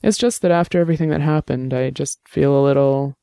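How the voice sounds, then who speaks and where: A man voicing a shaken young woman who speaks softly and haltingly, close to tears. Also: medium pitch, gravelly, clear, resonant tone, no echo, close to an everyday voice. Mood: fragile, tearful. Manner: soft, halting, tearful.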